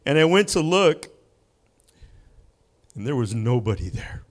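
A man preaching in a church, telling a personal story slowly with dramatic pauses. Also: mid-range voice, big pitch swings. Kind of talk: sermon with personal testimony. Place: church sanctuary.

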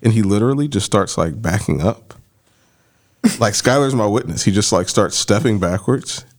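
A man's voice: on the low side, lively intonation, normal speed. A man co-hosting a podcast, telling a story in a rambling, casual way with lots of filler words. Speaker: podcast co-host. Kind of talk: casual chat.

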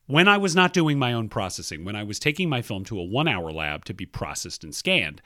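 A man's voice: fairly low pitch, sing-song, brisk, pushed and bright, dry recording, clean studio sound. A man co-hosting a podcast, reading listener emails aloud in a playful, casual way and laughing often. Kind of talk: casual chat.

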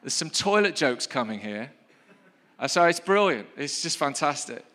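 Bright-voiced preacher in a reverberant hall. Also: male voice, on the high side, moderate pace. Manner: lively, playful, builds to rousing calls of praise. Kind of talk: sermon with scripture reading.

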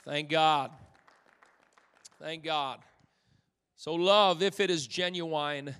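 A man preaching a sermon to a congregation, moving from hushed, drawn-out phrases to loud, fervent preaching and filling his pauses with "uh". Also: a little high, smooth. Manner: fills pauses with "uh". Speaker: pastor. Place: church. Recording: long hall reverb.

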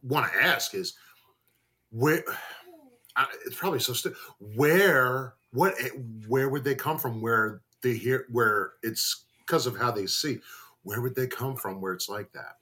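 A man co-hosting a casual podcast, talking in a halting way with many restarts. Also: medium pitch, sharp tone. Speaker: podcast co-host.

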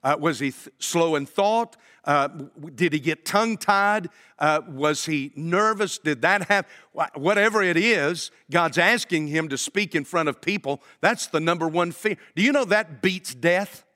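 A man's voice: a little high, unhurried, hardly any pauses, sharp tone. A man preaching a sermon as pastor, talking to the congregation in a conversational way and asking rhetorical questions. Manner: addresses congregation directly.

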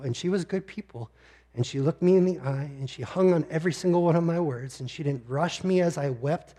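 A male pastor preaching a sermon, telling a personal story with deep emotion and sometimes close to tears. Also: mellow, slightly rough.

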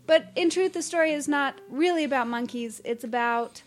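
High-voiced woman, deadpan podcast humor. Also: normal speed. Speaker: podcast co-host. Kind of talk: casual podcast banter.

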